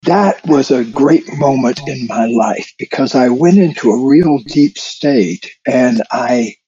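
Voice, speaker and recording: Male podcast co-host, husky and warm-toned, reflective storyteller, lo-fi sound. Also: medium pitch. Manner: reflective, unhurried, with soft chuckles. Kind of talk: conversational storytelling.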